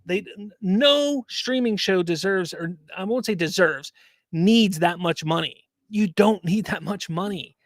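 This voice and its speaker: A man hosting a casual solo commentary show, talking in an animated, rambling way and repeating himself. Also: high-pitched, a little slow, no echo, studio quality. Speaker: host.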